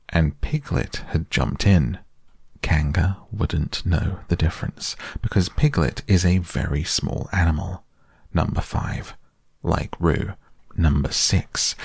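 A man's voice: low-pitched, vocal fry, a little mellow, slightly rough, no room sound, clean studio sound, full character voice. A man voicing a bossy, self-important male rabbit who lays out plans solemnly in a storybook reading. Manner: brisk, solemn and self-satisfied.

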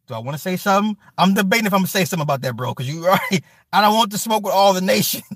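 A man hosting a livestream, chatting casually and reading comments, loose and profane, with loud animated outbursts. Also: high-pitched, rapid-fire, husky, no echo, studio quality. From Chicago. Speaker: livestream host reading chat. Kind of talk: casual chat.

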